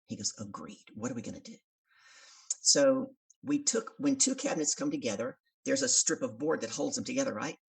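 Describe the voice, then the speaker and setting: A woman, a business coach and podcast guest, telling a story in an animated way and acting out the voices of the people in it. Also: a bass voice, moderate pace, vocal fry, breathy edge, far from the mic.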